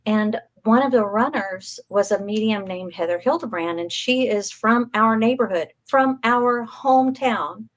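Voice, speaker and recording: A woman's voice: a little high, unhurried, hardly any pauses, poor audio. A woman, a guest in an interview, telling a personal story in a chatty way with frequent ums and light laughs. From Texas coast, USA. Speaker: interview guest, psychic medium.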